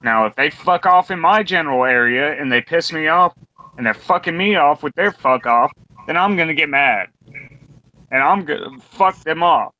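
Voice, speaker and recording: A man's voice: a little high, animated, moderate pace, sharp tone. A man in his twenties ranting bluntly and profanely in a casual round-table talk. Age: 20s. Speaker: podcast co-host. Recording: dull lo-fi recording.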